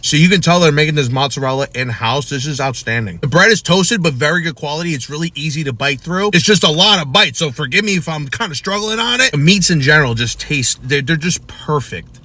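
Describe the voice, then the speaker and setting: A man's voice: a little high, lively intonation, brisk, hardly any pauses, sharp tone. A man from New Jersey reviewing food in a casual vlog, hyped and slangy.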